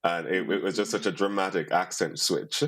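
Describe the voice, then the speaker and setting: Deep-voiced Jamaican man, thoughtful. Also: steady tone, normal speed, a bit bright, breathy edge. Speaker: poet in conversation. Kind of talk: conversational storytelling.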